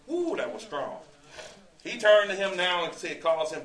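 A man's voice: sits high, big pitch swings, moderate pace, a bit bright. Echoey, distant male preacher. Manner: conversational, rhetorical questions, quotes scripture. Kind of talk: sermon, verse-by-verse Bible teaching. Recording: echoey room, distant mic.

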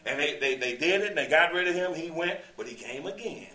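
A man's voice: fairly high pitch, expressive, fairly quick, sharp tone. A male preacher teaching a sermon verse by verse, conversational, quoting scripture and asking rhetorical questions. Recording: echoey room, distant mic.

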